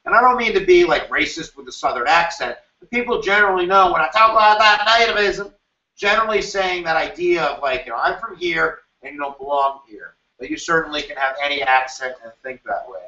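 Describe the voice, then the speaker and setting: Lively man teaching history in a roomy space. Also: on the high side, fast. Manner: animated, jokey, acts out quoted voices. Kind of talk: exam review lecture. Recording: roomy, distant, dull sound.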